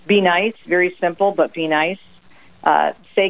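A middle-aged woman from New Jersey speaks as a guest author on a radio interview. She tells stories emphatically and keeps them lively. She drops into quoted sayings with extra punch. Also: on the low side, brisk, vocal fry, poor audio. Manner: lively, emphatic, acts out her mother's sayings. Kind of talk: radio interview, personal storytelling.

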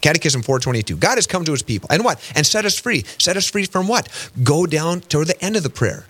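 A man hosting a faith radio talk show, teaching with animated storytelling and frequent rhetorical questions. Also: fast, slightly rough. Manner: animated storytelling, acts out quoted voices with big pitch jumps. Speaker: radio host. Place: radio studio.

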